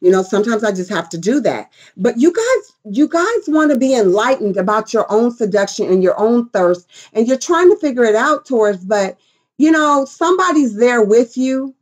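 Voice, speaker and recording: A woman's voice: a little high, expressive, normal speed. A middle-aged woman giving a casual tarot reading, brash and profane, clowning around with silly voices and bits of song. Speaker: tarot reader.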